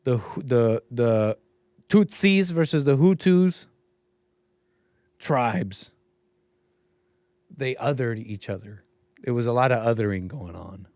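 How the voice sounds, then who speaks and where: A man's voice: mid-range voice, animated, slow pace, pauses often, darkish tone, dry recording, clean studio sound. A man hosting a livestream commentary show, rambling and musing aloud and often trailing off mid-thought. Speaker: show host.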